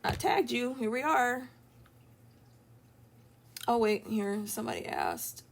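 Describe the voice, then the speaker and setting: A woman's voice: a little high, expressive, slow, gravelly, slight background noise. A young woman chatting casually while she draws on a live stream at home, rambling and laughing often. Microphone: streaming from an iPad.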